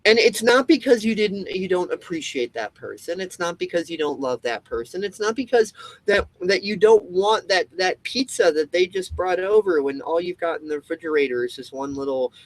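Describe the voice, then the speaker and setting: A man's voice: sits high, animated, normal speed, dry recording, low-quality recording. A man talking to camera in a casual monologue, rambling with many restarts and swearing freely. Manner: acts out quoted people. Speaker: video host.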